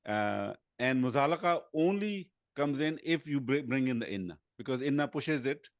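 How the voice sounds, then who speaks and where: A man's voice: medium pitch, expressive, normal speed, dry recording. A man teaching an Arabic grammar class, explaining carefully with frequent hesitations. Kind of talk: online class discussion.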